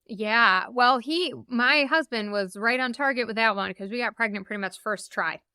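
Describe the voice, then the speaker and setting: A woman in her thirties telling her own birth stories as a podcast guest, animated and acting out the voices of the people she quotes. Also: a little high, normal speed, smooth, no room sound, studio quality. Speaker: podcast guest, memoir author. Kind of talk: casual storytelling.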